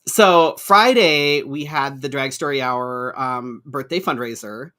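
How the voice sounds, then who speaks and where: Bright, mid-pitched male co-host; loose, chatty, profane, talks in restarts. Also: unhurried. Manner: chatty, swears casually, frequent restarts. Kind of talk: casual chat.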